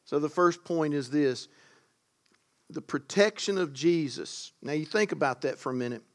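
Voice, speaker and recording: A man preaching a sermon to a congregation, driving home key words with loud stresses and breaking into casual asides. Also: a little high, normal speed.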